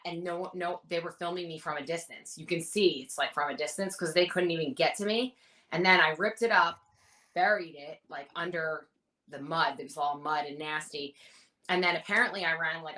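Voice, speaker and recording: A woman in her thirties, a reality show contestant, telling stories in a casual interview with animated, rambling detail. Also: low voice, poor audio. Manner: animated, rambling anecdotes with many fillers.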